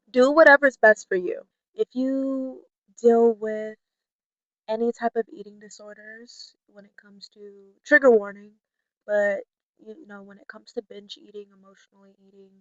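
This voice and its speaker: Woman vlogger, candid chatty talk, fairly high voice, dry slightly dull audio. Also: no room sound. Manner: chatty, lots of "like" and "you know"; mimics friends in a high playful voice. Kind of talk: candid personal talk to camera.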